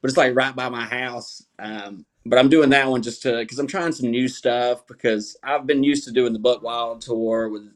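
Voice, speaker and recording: A man's voice: mid-range voice, fairly even intonation, normal speed, few pauses. A young adult man, a stand-up comedian guest, telling rambling, profane stories in a casual chat. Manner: profane, rambling, self-mocking.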